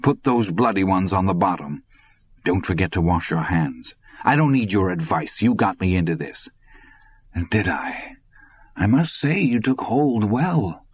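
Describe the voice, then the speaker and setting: Man playing a bitter old man, mocking, husky, low, muffled audio. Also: animated, moderate pace, no echo. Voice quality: mocking, weak.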